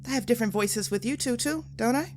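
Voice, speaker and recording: A woman's voice: fairly high pitch, quick pace, slight background noise, pitched above the performer's own voice, close to an everyday voice. A woman playing an anxious suburban housewife who pleads with her husband and speaks with forced sweetness to her children. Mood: sweetly patient.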